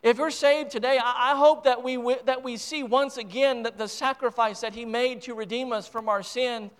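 A high-pitched American man delivers a sermon from the pulpit with a smooth, resonant tone. He preaches with deep emotion and rising conviction, often repeating and restarting his words. His passion carries from quiet reflection to fervent appeals. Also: steady tone, moderate pace, hardly any pauses. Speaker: pastor.

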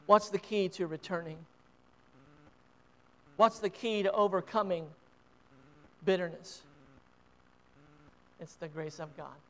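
A man's voice: sits high, slow, long pauses. A man preaching a sermon in a church, fervently rising and falling in volume. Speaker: pastor. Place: church sanctuary. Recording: long church reverb.

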